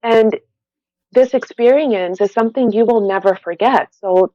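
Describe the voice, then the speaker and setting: A woman's voice: fairly high pitch, a little slow, mellow, dry recording. Earnest woman, dull dry lo-fi mic. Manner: earnest, passionate, emphatic. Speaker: doula, podcast guest. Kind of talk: podcast conversation.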